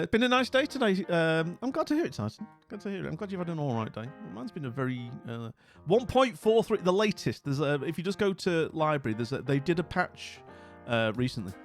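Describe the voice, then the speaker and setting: A middle-aged man hosts a livestream, chatting with viewers in a jovial, rambling way full of fillers. His voice sits fairly high for a man. Faint music plays behind him. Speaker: livestream host. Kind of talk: casual chat with live viewers.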